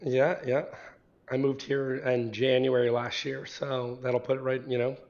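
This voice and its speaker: Hoarse man, from northern New Jersey, flat even delivery, dull lo-fi recording, rambling guest chat. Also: medium pitch, a little slow. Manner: rambling, repeats words when starting thoughts. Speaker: podcast guest. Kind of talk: casual interview chat. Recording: dull lo-fi sound.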